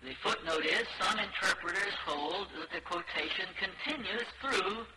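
A man giving a scholarly lecture on translation, speaking in a measured way with shifting emphasis. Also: high voice, pushed and bright, echoey room, low-quality recording.

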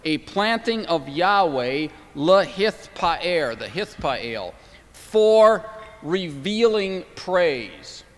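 Enthusiastic man lecturing in a reverberant room. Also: a little high. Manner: enthusiastic, thinks aloud with fillers and restarts. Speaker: teacher. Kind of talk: classroom lecture.

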